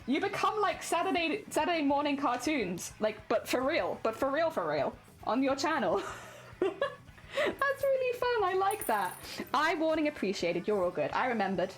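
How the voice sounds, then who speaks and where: A woman's voice: high-pitched, big pitch swings, normal speed. A woman streaming live, chatting casually and playfully with her chat while she crafts.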